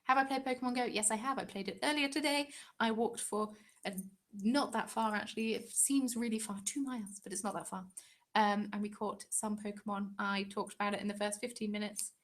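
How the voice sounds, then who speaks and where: A young Englishwoman hosts a crafting live stream, her medium-pitched voice steady in tone and a little fast. She chats casually and reads out viewer comments, giggling and rambling as she goes.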